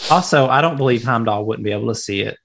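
A man co-hosting a casual podcast, rambling loosely and leaning on filler words. His voice is mid-pitched and easygoing. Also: fast, gravelly, a bit bright. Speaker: podcast co-host. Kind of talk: casual chat.

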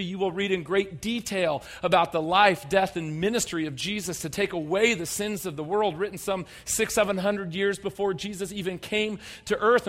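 A man preaching a sermon as pastor, conversational and humorous, swinging between loud emphatic bursts and quiet low asides. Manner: conversational and humorous, acting out people's voices.

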